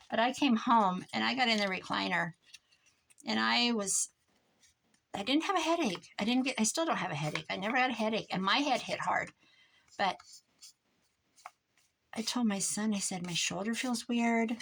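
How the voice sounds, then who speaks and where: An older woman from Iowa chats while she works through crafts at her desk. She rambles from one story to the next and laughs often. A faint hiss and the click of supplies sit under her mid-pitched voice. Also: moderate pace, a bit bright. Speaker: crafter vlogger. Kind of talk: casual chat while crafting.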